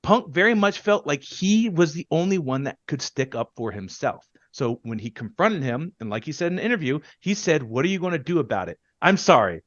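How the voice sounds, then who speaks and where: A man co-hosting a podcast in heated casual chat, ranting and swearing, with quick loud bursts that then drop low. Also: sing-song, no echo, lo-fi sound. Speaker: podcast co-host.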